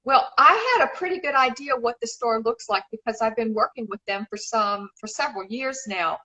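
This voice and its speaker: A woman's voice: a little high, lively intonation, brisk, bright, forceful tone, low-quality recording. A middle-aged woman from Memphis, chatting effusively on a live stream and calling people darling. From Memphis, Tennessee, USA. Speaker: shoe designer and regular guest. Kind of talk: casual live-stream chat.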